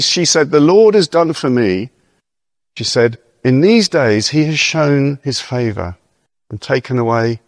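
An earnest male preacher of middle pitch speaks in a conversational sermon. He reads verses aloud slowly and deliberately, then turns to casual asides and rhetorical questions. The sound is dry and close, with no room around it. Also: no room sound. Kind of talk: conversational sermon with scripture reading.

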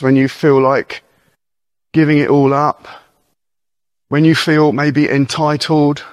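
A man preaching an earnest, encouraging sermon, reading scripture slowly and breaking off for informal asides and questions to his listeners. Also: on the high side, no room sound, studio quality. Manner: reads verses aloud slowly and deliberately.

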